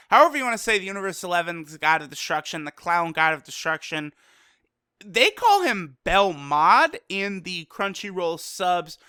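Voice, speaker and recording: A man recapping an anime episode in a casual, energetic way, acting out the characters' quoted lines as he goes. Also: high-pitched, smooth, dry recording, clean studio sound. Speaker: anime reviewer.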